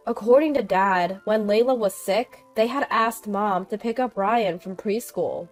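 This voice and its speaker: A woman reading a first-person story in a slow, even narration, with faint background music. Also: medium pitch. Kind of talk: scripted narration.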